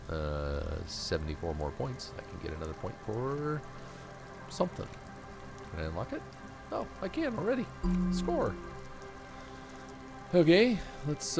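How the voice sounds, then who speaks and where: A man casually playing a video game, reading its text aloud with chatty asides. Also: mid-range voice. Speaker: gamer playing through a game. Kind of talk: casual let's-play commentary and reading aloud. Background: game music.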